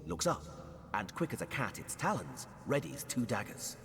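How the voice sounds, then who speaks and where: A man's voice: mid-range voice, big pitch swings, moderate pace, vocal fry, fairly bright tone. A man voicing the narrator of a fantasy game, telling the story in a storybook manner. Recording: game audio with long reverb, faint noise.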